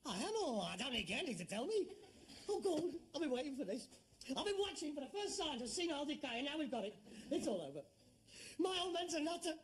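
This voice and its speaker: In 1970s sitcom style, this actor plays a scornful, sarcastic adult son who talks in a mocking, fed-up way. He speaks at a quick pace in an extremely high, very animated voice, over a slight hiss or hum.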